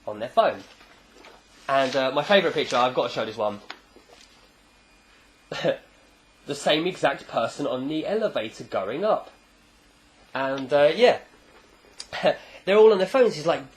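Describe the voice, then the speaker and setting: A man talks through a manga chapter in a loose, casual recap. His voice sits a little high for a man. He is animated and slips in quick character voices. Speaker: manga reviewer.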